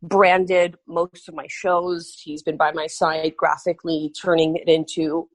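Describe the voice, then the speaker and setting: A woman's voice: low voice, flat delivery, unhurried, no room sound. A woman guest on a podcast, telling a story animatedly and acting out quoted dialogue. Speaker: guest artist.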